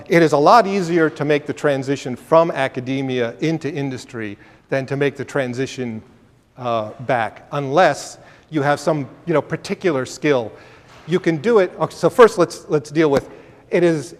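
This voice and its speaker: Emphatic man answering questions in a hall. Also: a little high. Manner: emphatic, conversational, often restarts phrases. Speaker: career workshop speaker.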